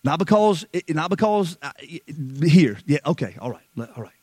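A man preaching a sermon who moves between hushed, slow passages and loud, fervent stretches, often repeating words. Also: on the high side, very animated, no room sound, low-quality recording. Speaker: pastor.

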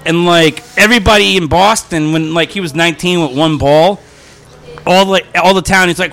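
A man's voice: high voice, normal speed, fairly bright tone. A man hosting a podcast in casual chat, crude and joking, swearing a lot. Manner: crude, joking, heavy swearing, frequent laughs. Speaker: podcast host.

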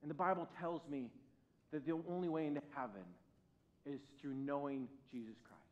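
A male pastor delivers a sermon with a lively, self-deprecating storytelling style, his speaking voice sitting a touch high for a man. The recording is dull and lo-fi, with the crisp top end missing. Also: normal speed. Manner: animated, self-mocking storytelling with wide swings in loudness. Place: church service. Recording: dull lo-fi sound.

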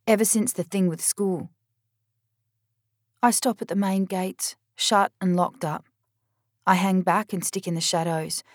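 A woman's voice: lowish voice, darkish tone, no echo, studio quality. A woman reading a novel in first person, blunt and wry. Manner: blunt, wry, streetwise teen narrator voice. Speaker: audiobook narrator. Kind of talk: first-person audiobook narration.

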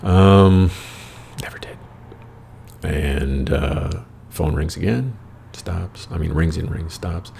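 American male storyteller, very low and heavily gravelly voice, rambling and profane, wry casual delivery. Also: slow pace, dark tone, slight background noise. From United States. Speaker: storyteller host.

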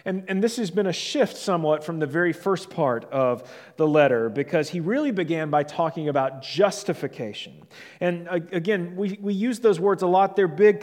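Earnest high-voiced preacher in a reverberant hall. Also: male voice, darkish tone. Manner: earnest, emphatic, repeats key phrases, drops low on key words. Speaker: pastor. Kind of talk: sermon. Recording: long reverb of a large hall.

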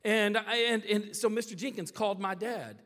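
A man preaching a sermon, telling a story with animated drama and checking in with the crowd with "all right?" and "okay?". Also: high voice, normal speed. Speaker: pastor. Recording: long reverb of a big hall.

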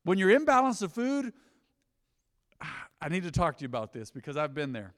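Casual preaching man, slightly high voice. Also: sing-song, a little fast, long reverb tail. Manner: conversational preaching with rhetorical questions and asides. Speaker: pastor. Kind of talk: sermon. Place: church sanctuary.

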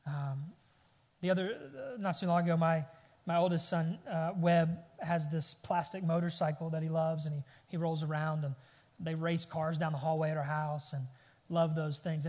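A man's voice: fairly high pitch, darkish tone. Preaching man in a reverberant hall. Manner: preaching with rising bursts of emphasis and storytelling asides. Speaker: pastor. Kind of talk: sermon.

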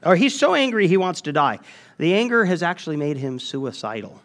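Animated male preacher, lively delivery. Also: a little high, fairly quick. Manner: animated, emphatic preaching with restarts. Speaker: pastor. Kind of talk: sermon.

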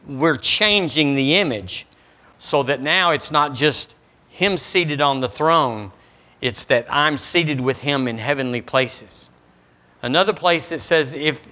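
Pastor, middle-aged man, folksy sermon delivery, bright tone. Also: on the high side. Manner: folksy, acts out dialogues with God.

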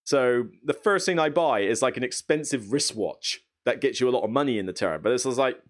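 A man hosting a board game channel, recapping a match in a lively, storytelling way, laughing and acting out his own reactions. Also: medium pitch, a little fast. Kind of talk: casual gameplay recap.

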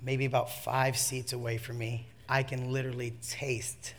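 A man preaching a sermon, telling a comic personal story with lively swings from hushed asides to shouts, laughing at himself. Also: mid-range voice, moderate pace.

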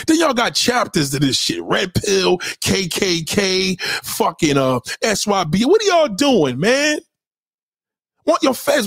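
High-pitched New man ranting hard. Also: slightly rough, no echo, clean studio sound. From New York City. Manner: profane, loud, lecturing, rhetorical questions; swings pitch widely for emphasis. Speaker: commentator. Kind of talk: heated ranting commentary.

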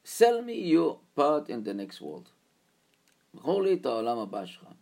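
A man's voice: mid-range voice, huge pitch swings, unhurried, vocal fry, mellow, pitched above the performer's own voice, full character voice. A man playing an earnest young religious student. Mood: persuasive. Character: calm young male American religious student.

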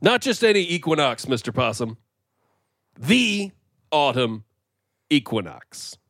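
A man's voice: mid-range voice, animated, normal speed, fairly bright tone, dry recording, clean studio sound. A man playing Big Al, an earnest, eager straight man in a comedy podcast sketch.

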